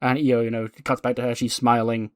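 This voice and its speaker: A man casually narrating a wrestling simulation playthrough, excitable and chatty, with many fillers. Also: mid-range voice, a little fast, dry recording, clean studio sound. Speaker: game commentator.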